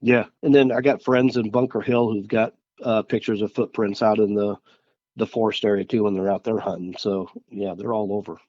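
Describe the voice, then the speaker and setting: A man from Missouri, a guest on an interview podcast, recounting experiences in a halting, earnest way with frequent restarts. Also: on the low side, fairly even intonation, dry recording, lo-fi sound. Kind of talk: casual interview chat.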